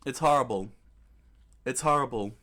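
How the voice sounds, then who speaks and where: A man's voice: mid-range voice, moderate pace, a bit bright. A man hosting a gaming channel, chatting casually and emphatically, repeating himself and restarting sentences often. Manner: emphatic and repetitive, with many restarts and fillers. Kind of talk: casual commentary while browsing clips.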